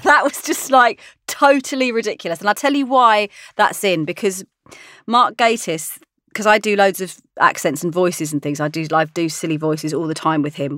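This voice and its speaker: A woman's voice: on the low side, fairly bright tone, no room sound, clean studio sound. A woman, an actress, chatting in an interview, laughing often as she tells stories. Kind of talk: casual interview chat.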